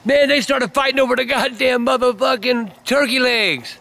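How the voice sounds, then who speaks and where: A man's voice: extremely high pitch, moderate pace, vocal fry, bright, forceful tone. An older man telling rambling stories full of cursing, snapping at his son whenever he interrupts. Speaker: grandfather telling family stories. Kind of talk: casual storytelling on camera.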